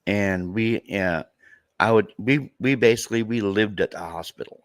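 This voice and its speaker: Halting, tearful deep-voiced man. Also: dry recording, studio quality. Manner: halting, repeats himself, voice breaking. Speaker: true crime content creator. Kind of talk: emotional podcast conversation.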